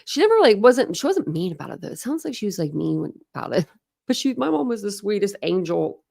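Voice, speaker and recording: Gravelly-voiced young woman chatting rambly. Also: medium pitch, sing-song, fairly quick, a little mellow. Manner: rambling, chatty, many "like"s and restarts. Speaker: true crime channel host. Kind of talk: casual livestream chat with viewers.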